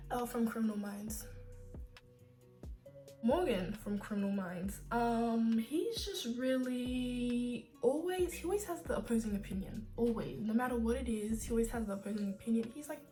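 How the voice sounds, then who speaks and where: A woman's voice: a little high, normal speed, warm tone, faint music behind. A young woman vlogging in a casual, sassy, opinionated rant, full of fillers like "like" and "you know.". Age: young adult. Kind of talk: casual ranting vlog.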